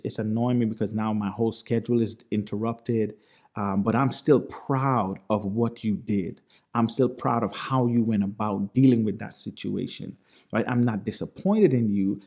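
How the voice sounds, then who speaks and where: A man's voice: medium pitch, warm tone. An American man hosting a solo podcast, talking earnestly about parenting and circling back over his points. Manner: earnest, repetitive, lecturing. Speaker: podcast host.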